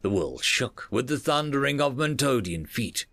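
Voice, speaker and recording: Gravelly, expressive male storyteller. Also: mid-range voice, moderate pace, no echo, faint music behind. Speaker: narrator. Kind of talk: storytelling narration.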